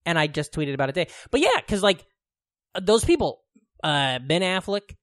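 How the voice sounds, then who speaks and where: This thirtysomething male podcast co-host rambles through casual conversation, swearing, using many fillers, and laughing often. His fairly high, slightly bright voice swings widely in pitch, and he speaks at a normal speed.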